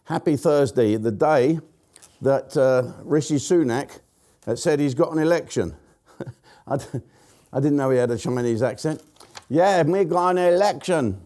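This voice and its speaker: An older man rants bluntly through a jokey political monologue, mocking and laughing at his own quips. His voice sits dark and mellow at an ordinary pitch. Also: a little slow. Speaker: show host. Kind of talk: casual political comedy monologue.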